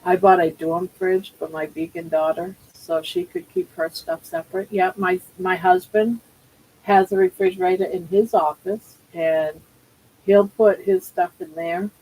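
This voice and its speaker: A woman's voice: on the low side, lively intonation, a little slow, a little mellow, slight background noise, poor audio. An older woman at home hosting a casual live chat, talking in a chatty, rambling way and often restarting her sentences. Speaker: livestream host.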